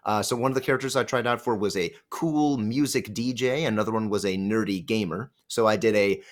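A man's voice: lowish voice, fairly quick. Rambling, stammering male voice actor. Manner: rambling, self-correcting, stammers on restarts. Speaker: voice actor guest. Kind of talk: casual interview chat.

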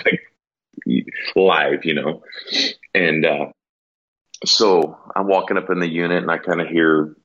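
A man with a very deep, husky voice tells a story in a loose, rambling way. He fills his talk with "you know" and "like" as he goes. The recording sounds dull and lo-fi. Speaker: podcast guest, elk hunter. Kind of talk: casual storytelling.

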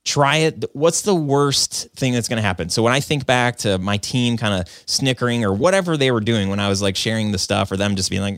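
A mid-range, slightly bright voice moves fairly quickly with few pauses in a dry, studio-quality recording. The speaker runs a video business and podcasts, and he tells his story conversationally in an earnest, self-reflective ramble thick with "like" and "um."

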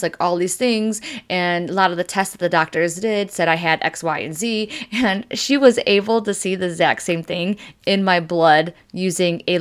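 A woman's voice: fairly low pitch, smooth. Chatty woman reading oracle cards. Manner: chatty, frequent "like" and "you know"; emotional, close to tears. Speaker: psychic medium podcast host. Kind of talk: casual oracle card reading.

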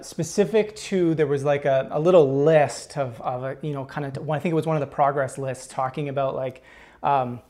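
A man hosting a podcast, talking in a halting, emotional way with many restarts. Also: a little high, a little mellow. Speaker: podcast host. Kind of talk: conversational interview.

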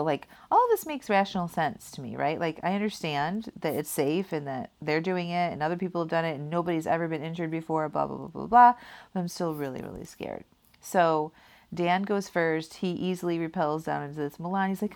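Woman, low voice, gravelly fry, casual rambling storytelling, laughs at herself. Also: a little mellow. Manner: rambling, heavy use of "like" and "kinda".

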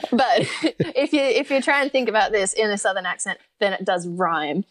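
An upbeat, enthusiastic woman with an Australian accent chats casually as a podcast guest in an interview, laughing easily. Her medium-pitched voice is a bit bright and a little fast, recorded dry.

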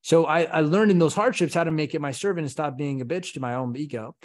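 A man's voice: a little high, fast talker. Passionate man talking about leadership. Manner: passionate, animated, rhetorical questions. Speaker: podcast guest, company CEO. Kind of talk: conversational interview.

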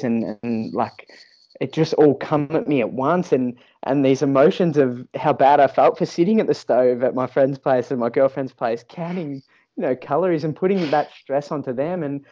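A man's voice: medium pitch, fairly even intonation, moderate pace, warm tone, dull audio. A man, a fitness professional, speaking as a podcast guest and sharing a personal story candidly, often restarting and repeating words.

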